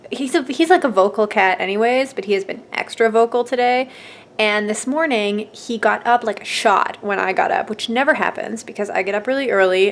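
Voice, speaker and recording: A young woman chatting casually at home in a stitching vlog, talking with frequent fillers and small laughs. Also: on the high side. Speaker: stitching vlogger.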